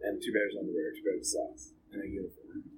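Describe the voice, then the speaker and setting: A man's voice: fairly low pitch, sing-song, fast talker, creaky, noisy background. A man being interviewed, telling his own story in a blunt, profane, rambling way with lots of filler words. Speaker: interview guest. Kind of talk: candid storytelling about jail and addiction.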